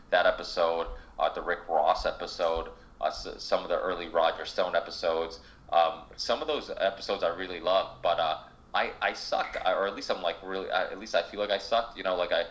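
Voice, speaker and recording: A man with a very low voice hosts a casual podcast chat. He rambles through long stretches, restarting his sentences and swearing freely. The recording sounds somewhat dull and lo-fi. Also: fairly bright tone. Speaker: podcast host.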